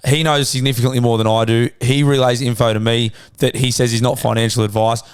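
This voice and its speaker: A man's voice: mid-range voice, level tone, quick pace, clear, resonant tone. A man, co-hosting a podcast in laid-back casual chat and swearing freely. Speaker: podcast co-host.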